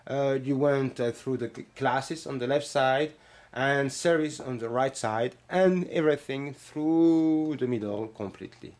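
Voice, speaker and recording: A man's voice: medium pitch, a little slow, darkish tone. A middle-aged man with a heavy French accent, a bootmaking instructor explaining his classes in an earnest, hesitant way with many fillers. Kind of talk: explaining classes in a promo walkthrough.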